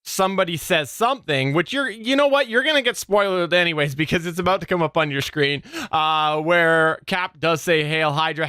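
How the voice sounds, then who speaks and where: A man hosting a podcast, talking in a casual, animated way and laughing often. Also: on the high side, clear, resonant tone, no echo, studio quality. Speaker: podcast host.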